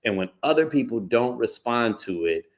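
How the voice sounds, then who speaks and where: A man's voice: mid-range voice, big pitch swings, moderate pace. A man hosting a podcast, talking frankly and casually, with lots of slang and cursing, often checking in with "you know" and "right?". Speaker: podcast host.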